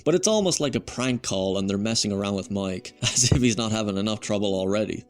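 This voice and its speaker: A man reviewing an old television episode in a chatty, musing way, full of conversational asides. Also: on the low side. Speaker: video reviewer. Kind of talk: casual spoken review.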